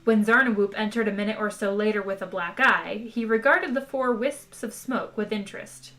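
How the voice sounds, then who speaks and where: A woman's voice: medium pitch, moderate pace. A woman reading a novel aloud on a live stream, then chatting casually with viewers. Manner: relaxed, chatty, with fillers. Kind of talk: read-aloud narration and casual chat.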